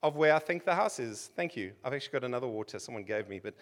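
A man's voice: medium pitch, animated, rapid-fire. A South African man in his forties preaching a sermon to a congregation, chatty and joking with the room. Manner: conversational, joking asides with the congregation.

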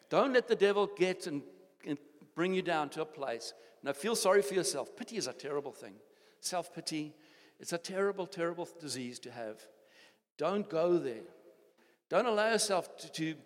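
An older man with a South African accent preaches to his congregation, pressing his point through repeated phrases and frequent restarts. His voice sits somewhat high for a man. Long reverb from the church hall trails each phrase. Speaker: pastor. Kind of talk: sermon.

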